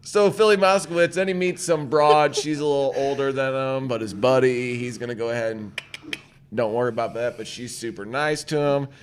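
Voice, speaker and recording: A man's voice: mid-range voice, fairly even intonation, normal speed, clean tone. Profane, rambling male morning show host. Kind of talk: casual chat.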